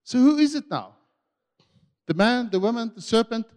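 High-voiced male preacher in a hall. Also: expressive, normal speed. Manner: impassioned, swinging between loud and hushed. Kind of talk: sermon.

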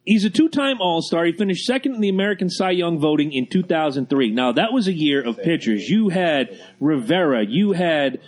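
Brash, crude middle-aged male podcast co-host with a high-pitched voice. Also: expressive, normal speed, few pauses. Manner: brash, profane, mocking. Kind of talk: casual podcast banter.

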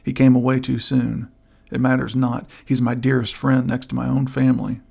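A man reading the part of a bold frontier scout who speaks low and firm. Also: completely flat delivery, moderate pace, vocal fry, mellow, husky. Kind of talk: audiobook character voice.

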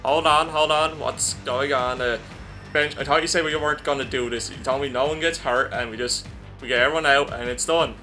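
A man's voice: mid-range voice, steady tone, fairly quick, sharp tone, soft background music, lightly acted. A man voicing a big, uneasy male henchman who sounds worried and pleading.

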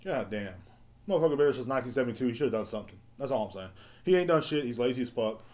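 A man's voice: mid-range voice, lively intonation, rapid-fire, a little mellow. A man ranting profanely and rambling as a podcast host. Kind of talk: casual solo rant. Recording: roomy echo.

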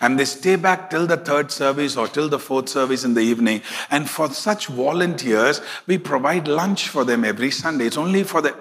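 A middle-aged man preaching a sermon as pastor, emphatic and slowing down to stress scripture. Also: on the high side, expressive, vocal fry, a bit bright, big-room sound.

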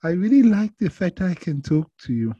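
Man putting on a young French woman, tipsy and lovesick, high slow pleading voice with a dark tone. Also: sing-song, husky, no room sound, dull audio. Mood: eager. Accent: attempted French.

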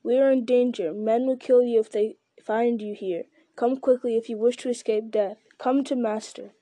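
Earnest young hobbit, urgent and coaxing, as a woman reader voices him, mellow tone. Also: a little high, fairly even intonation, normal speed, no echo, natural voice. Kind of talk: audiobook narration.

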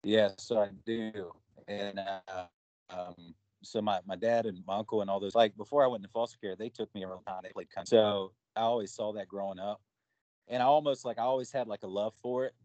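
A man chats about his music in a loose, rambling way, full of fillers and retold conversations. His voice sits on the low side. The recording is dry and a little muffled. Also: steady tone, fairly quick, a little mellow, dry recording. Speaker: guest musician. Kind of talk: casual interview talk.

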